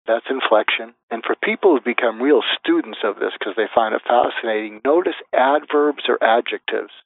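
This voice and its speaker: A man's voice: medium pitch, moderate pace, gravelly, dry recording. Male interview guest, methodical step-by-step explainer, tinny phone-like sound, dry close sound. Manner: methodical, lists numbered steps, acts out example phrases. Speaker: guest expert.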